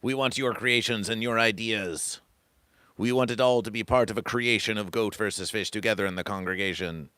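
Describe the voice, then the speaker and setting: Male livestream host, grandiose repetitive sermon cadence, bright tone, dry close mic. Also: fairly low pitch, moderate pace, clear, resonant tone, no room sound. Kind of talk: rambling comic livestream monologue.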